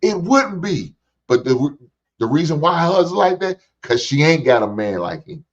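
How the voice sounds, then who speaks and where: Profane animated man ranting on a show. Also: fairly high pitch, measured pace. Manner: profane, preachy, sing-song taunting. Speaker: show host reacting to clips. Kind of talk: casual commentary. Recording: dull lo-fi sound.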